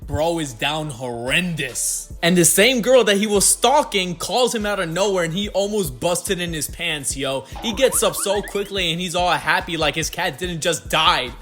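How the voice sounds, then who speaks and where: A young man narrating a comedic movie recap in heavy slang, animated and quick to burst out in mock disbelief. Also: high-pitched, soft background music.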